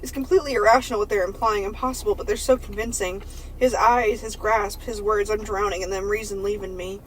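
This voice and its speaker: A woman's voice: medium pitch, fairly even intonation, fairly quick, a little hiss or hum, low-quality recording. A woman podcast host reading an erotic novel aloud for laughs, stumbling over words and breaking into giggles.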